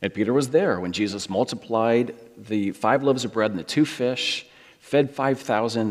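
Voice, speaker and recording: A man's voice: mid-range voice, normal speed. A middle-aged American man preaching a sermon, storytelling and acting out the voices he quotes. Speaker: pastor. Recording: long hall reverb.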